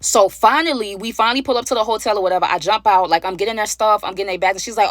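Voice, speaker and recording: Fast-talking woman telling a story. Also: mid-range voice, no room sound, clean studio sound. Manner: animated, slangy, talks straight to viewers. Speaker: storyteller, channel host. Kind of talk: story time vlog.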